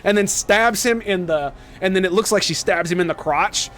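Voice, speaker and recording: A man streaming a video game, rambling with excited, profane commentary. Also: sits high, normal speed, soft background music. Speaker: gaming streamer. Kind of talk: casual gameplay commentary.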